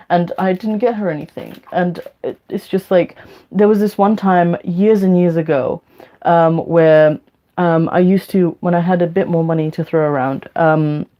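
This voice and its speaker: A young Englishwoman, both a livestreamer and a teacher, chats casually and rambles while doing her makeup on a livestream, swearing freely. Her voice is on the low side, and the highs are cut off.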